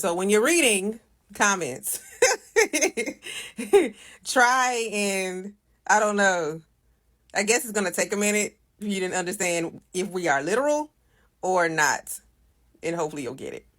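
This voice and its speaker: A woman's voice: medium pitch, fairly bright tone. A woman from the United States explaining something patiently in a casual video monologue, repeating her points. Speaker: social media commenter.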